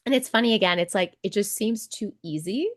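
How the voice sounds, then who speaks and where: A coach and nurse in her twenties or thirties gives a podcast interview at a brisk clip in a medium-pitched voice. Animated and casual, she acts out people's inner monologues and swears liberally.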